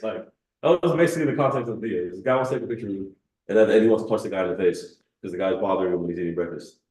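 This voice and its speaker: A man's voice: low voice, rapid-fire, darkish tone. A man co-hosting a live stream in casual chat, reading viewer questions and swearing now and then. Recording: echoey room, off mic.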